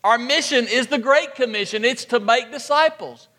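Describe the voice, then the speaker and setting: A man's voice: extremely high pitch, moderate pace, pushed and bright, in a large hall. A man preaching a sermon as pastor, asking rhetorical questions and repeating points for emphasis.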